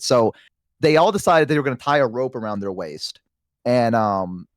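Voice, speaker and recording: Brief: male guest streamer, mid-pitch, dry sound, rambling animated storyteller with self-conscious asides. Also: no echo. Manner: animated storyteller, acts out characters' voices. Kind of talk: casual storytelling on a chat stream.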